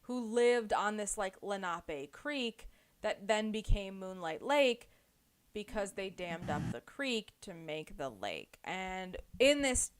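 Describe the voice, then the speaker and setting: A woman's voice: mid-range voice, sing-song, slow, clear, resonant tone. A woman hosting a casual book club podcast, retelling a story with lots of "like" and "um". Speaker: podcast host.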